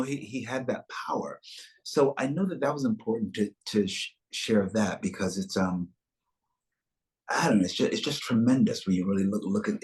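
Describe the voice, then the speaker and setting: A man speaking as an actor guest in a webchat interview over a video call, reflective and expansive in the way he tells things. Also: on the low side.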